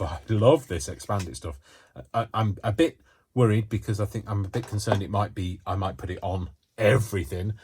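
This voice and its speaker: A man hosting a casual craft demonstration from a home craft space, talking in a rambling, excitable way with lots of fillers. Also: lowish voice, breathy edge. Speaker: craft channel host.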